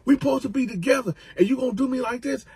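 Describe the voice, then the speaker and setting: A man voicing an angry, menacing male prison inmate who shouts threats. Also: very high voice, rapid-fire, soft background music, voice pushed up.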